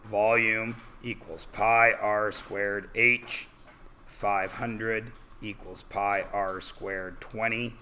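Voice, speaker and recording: A male math teacher leads an algebra review in a classroom, working each step slowly and throwing questions at his students. His voice is fairly low but bright, with faint room ambience behind it. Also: flat delivery, a little hiss or hum. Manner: walks students through steps with questions.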